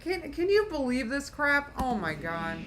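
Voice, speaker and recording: A woman's voice: high voice, very animated, measured pace, noisy background. A woman streaming a live reaction, mocking what she watches, laughing often and talking to her chat. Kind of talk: casual live reaction commentary.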